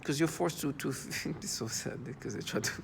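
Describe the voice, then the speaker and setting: Gravelly, halting man venting on camera. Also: fairly high pitch, slight background noise. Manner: halting, full of restarts and fillers; agitated and disgusted. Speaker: vlogger. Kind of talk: personal video monologue.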